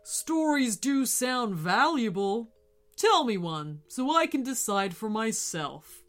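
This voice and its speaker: Woman voicing a booming greedy dragon. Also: sing-song, soft background music, heavily acted. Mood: curious. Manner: booming, slow and loud. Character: greedy male dragon, booming and easily tempted. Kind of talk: storybook reading.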